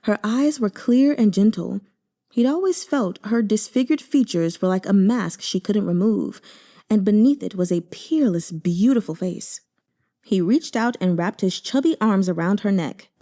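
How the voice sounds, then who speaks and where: A woman narrating a novel aloud with expressive, emotive delivery. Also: mid-range voice, a little slow. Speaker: audiobook reader.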